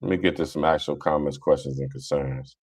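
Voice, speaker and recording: A man's voice: very deep voice, steady tone, fairly quick, slightly rough. A man reading and rebutting viewer comments in a casual, combative, slangy way. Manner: slangy, combative, mutters to himself.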